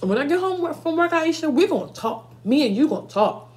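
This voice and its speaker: A woman's voice: sits high, sing-song, brisk, pitched above the performer's own voice. A woman doing her furious scolding mom. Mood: stern. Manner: shouting, cursing, scolding. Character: furious strict mother, middle-aged woman.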